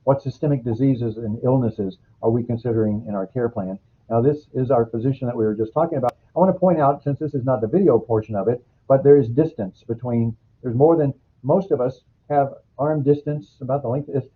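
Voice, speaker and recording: A man from the United States giving a recorded healthcare training lecture, explaining calmly and drawing on stories from past clinical work. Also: mid-range voice, fairly quick, a little hiss or hum. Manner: explanatory, uses clinical anecdotes. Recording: phone-like lo-fi recording.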